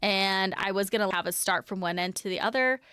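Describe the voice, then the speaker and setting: A woman's voice: medium pitch, fairly quick, pushed and bright, clear, resonant tone, no room sound. A woman streamer guiding viewers on a game lore tour, chatty and self-deprecating. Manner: chatty, self-deprecating, laughs at own mispronunciations. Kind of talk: casual live-stream narration.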